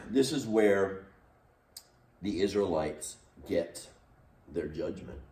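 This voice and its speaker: A man's voice: deep voice, expressive, drawn-out words, darkish tone, a little hiss or hum. A man leading a recorded youth lesson as youth pastor, teaching in an earnest, emphatic way. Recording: roomy echo, distant mic.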